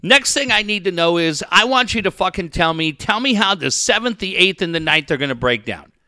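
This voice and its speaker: A man tears into local sports radio in a high, bright, wildly swinging voice. He swears nonstop and keeps the rant boiling. The sound is dry and close. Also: lively intonation, a little fast, no room sound. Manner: ranting, heated, swears constantly. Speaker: podcast co-host.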